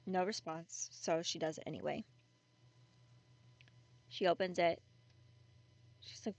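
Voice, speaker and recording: A woman's voice: lowish voice, slow pace, gravelly, long pauses, darkish tone, no echo. A woman casually retelling a creepy story in a chatty, conversational way with many fillers.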